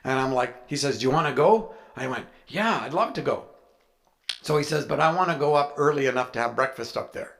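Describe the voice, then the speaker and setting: A man's voice: medium pitch, a little fast, gravelly, a bit bright. A man, a guest author at a writers' event, telling a personal story to a live audience in a conversational way, acting out the dialogue. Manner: conversational, acts out dialogue in his stories.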